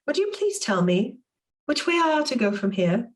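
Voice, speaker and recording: A woman reading aloud voices a curious, polite young girl in a higher, earnest way. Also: very animated, moderate pace, recorded from a distance.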